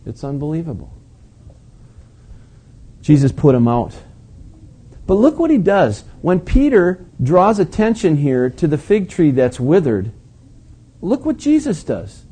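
A man's voice: a little high, huge pitch swings, measured pace, long pauses, mellow, slightly rough. A man preaching a sermon in a conversational, questioning way, stressing his points with emphasis.

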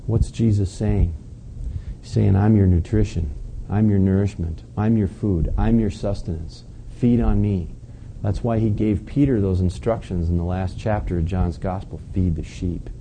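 Dark-voiced male pastor preaching. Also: low voice, moderate pace, slight background noise, poor audio. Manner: preaching with rising emphasis and rhetorical questions. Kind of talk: sermon.

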